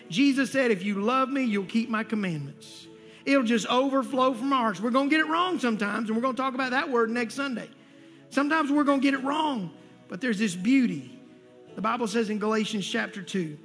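Male pastor, very high voice, sermon in a big echoing church with soft music behind. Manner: preaching with rising intensity and emphatic repetition. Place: church sanctuary. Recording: long hall reverb with faint music.

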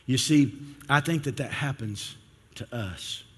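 A man's voice: mid-range voice, unhurried, a bit bright, slightly rough, long reverb tail. A man preaching a sermon from the pulpit, retelling a story with energy and stumbling over restarts as he goes. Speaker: pastor. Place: church sanctuary.

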